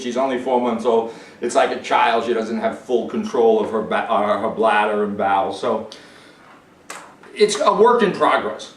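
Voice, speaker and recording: A man working as a dog trainer, explaining calmly to the owners and giving a dog short, upbeat praise during a demonstration. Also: medium pitch. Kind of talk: instructional demonstration. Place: indoors in a home. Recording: roomy, distant sound with faint noise.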